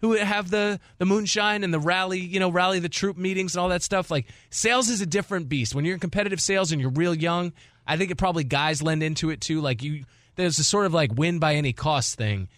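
A sports radio host in his forties speaks in a high, fast voice, spinning a long story in casual chat and voicing the people in it. He's an animated storyteller who acts out quotes, recorded in a radio studio on a studio mic with no echo and studio quality.

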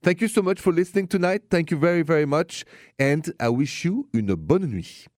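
A man's voice: fairly high pitch, lively intonation, moderate pace, heavy background noise. A man with a thick French accent hosting a late-night call-in radio show about love, talking in a playful, romantic way. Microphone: studio microphone.

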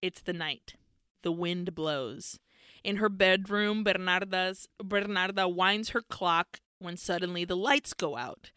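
Bright, crisp-voiced woman podcaster. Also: lowish voice, slow, no room sound, clean studio sound. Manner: animated storyteller, swears freely, mixes in Spanish. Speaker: podcast co-host. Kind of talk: casual retelling of a film.

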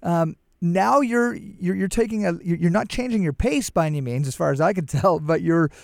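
Gravelly, halting podcast host man. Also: high voice, a little mellow, dry recording, studio quality. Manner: halting, many restarts and "uh"s. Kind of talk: interview questions.

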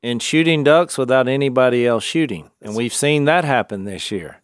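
A man's voice: mid-range voice, moderate pace, dry recording, studio quality. A man, co-hosting a podcast and telling stories in casual chat with a chuckle. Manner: lively storyteller, chuckling. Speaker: podcast co-host.

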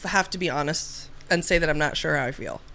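A woman co-hosting a comedy podcast, wry and a little hesitant, quick to laugh. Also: sits low, vocal fry, bright, forceful tone. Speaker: podcast co-host. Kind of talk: casual comedic podcast chat.

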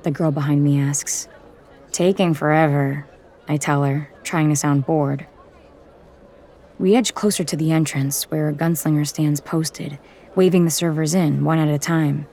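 A woman reads a first-person audiobook in a low voice. Her delivery is measured and intimate, close and steady throughout. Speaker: audiobook narrator.

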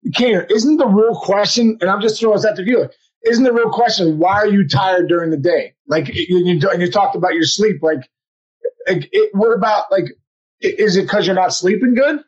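Male podcast co-host, high husky voice, eager and repetitive, dull sound. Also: normal speed. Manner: eager, repeats himself while asking. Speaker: podcast co-host, former baseball player. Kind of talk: casual podcast chat.

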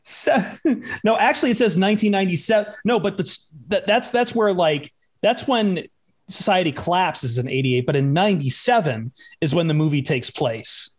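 A man's voice: high-pitched, lively intonation, normal speed. A young man co-hosting a sports betting podcast, cracking jokes in brash, swearing tough-guy rants. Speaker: podcast co-host. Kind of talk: joking sports betting banter.

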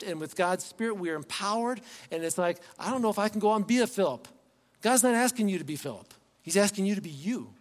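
A fairly high-voiced man preaching to his congregation in an easy, conversational manner. He keeps throwing rhetorical questions at the room. His voice rings with the long reverb of a church hall. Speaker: pastor. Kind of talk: sermon. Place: church sanctuary.

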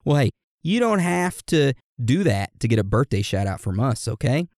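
Man, podcast co-host, casual chat, playful, dry close sound, mid pitch. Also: sing-song, normal speed, no room sound. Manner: playful, reads listener shout-outs.

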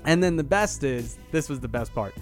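A man hosting a casual sports podcast, telling stories with lively energy and mimicking voices. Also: medium pitch, moderate pace, faint music behind. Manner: animated storytelling, mimics voices. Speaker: podcast host.

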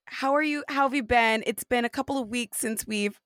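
A woman's voice: a little high, a little fast, a bit bright, no echo, studio quality. A woman hosting a podcast interview, bubbly and teasing, chatting casually and laughing easily. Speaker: podcast host.

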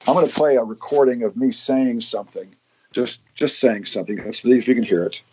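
A man's voice: medium pitch, brisk, mellow, breathy edge. A man explaining science in casual podcast chat, with frequent restarts and fillers.

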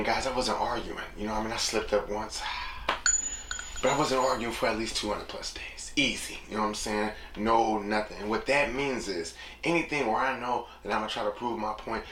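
A young man hosts his own podcast alone, drifting from thought to thought in a relaxed, reflective ramble and returning again and again to the same catchphrases. His voice sits low. The recording has an echoey room sound with steady noise behind him. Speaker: podcast host. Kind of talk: casual solo podcast monologue.

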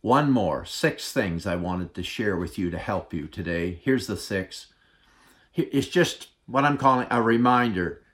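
Male pastor giving a sermon, real slow and deliberate, goes soft and hushed a lot. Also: fairly low pitch, expressive. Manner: slow, deliberate delivery with dramatic pauses; drops to a soft, hushed voice for tender points.

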